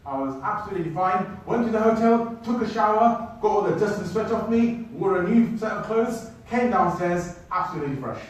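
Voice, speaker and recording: A man telling a travel story to an audience in an animated way, speaking to them directly. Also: high-pitched, brisk, few pauses. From United Kingdom. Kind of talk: storytelling talk. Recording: echoey hall, mic at a distance.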